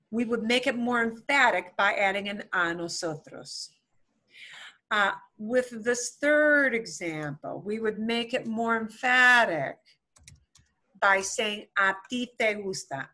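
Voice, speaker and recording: Slow, bright-voiced woman teaching Spanish. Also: mid-range voice. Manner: patient, explains with playful comparisons. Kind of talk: beginner language class.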